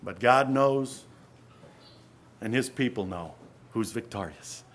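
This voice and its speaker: Earnest male preacher, hushed to emphatic. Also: medium pitch, expressive, slow pace. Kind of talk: sermon.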